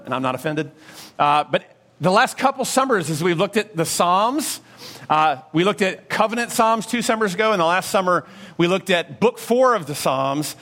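A male pastor preaching a sermon in a conversational, animated way, with frequent rhetorical questions and asides to the congregation. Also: sits high.

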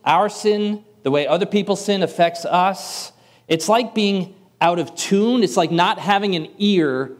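A man preaching a sermon in a conversational way, with light self-deprecating humor, from the Northern US. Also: a little high.

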